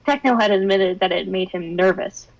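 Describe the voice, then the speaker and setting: A woman's voice: medium pitch, moderate pace, gravelly, highs cut off. Giggly woman reading fan fiction aloud. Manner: dramatic reading that breaks into giggles and wry comments. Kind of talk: expressive narration with laughing asides.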